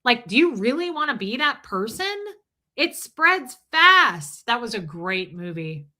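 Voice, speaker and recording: A woman in her forties hosts a casual livestream and talks bluntly, swearing freely and telling stories with a lot of life. Her voice is bright and sharp. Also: fairly high pitch, moderate pace. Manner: blunt, profane, animated storytelling. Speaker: livestream host.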